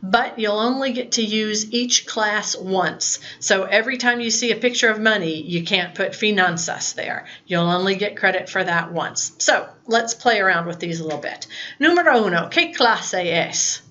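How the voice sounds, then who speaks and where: A woman's voice: mid-range voice, normal speed, hardly any pauses, pushed and bright, dull audio. A woman teaching a recorded lesson to her students in a patient, explaining way. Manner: patient, talks to students, mixes English and Spanish prompts. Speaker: Spanish teacher.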